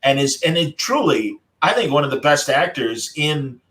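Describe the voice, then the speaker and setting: A man with a fairly high, sing-song voice hosts a casual group chat at normal speed, warmly recounting a story. His delivery comes from his days as a radio broadcaster, though the recording is low quality.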